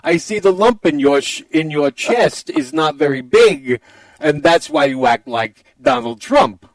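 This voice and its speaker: In comedy podcast improv, a man voices a crude, boastful villain that mashes up a president with a masked comic-book brute. His voice is a little high with big pitch swings, unhurried and heavily acted, in a lewd, bragging, gravelly put-on villain drawl full of crude boasting. There is no echo.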